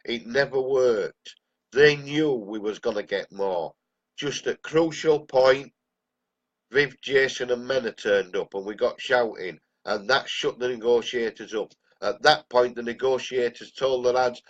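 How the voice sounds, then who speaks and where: A man's voice: medium pitch, unhurried. An older man with an English accent and a cold, ranting bluntly and angrily on a live stream. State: has a cold. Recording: dull lo-fi live-stream audio.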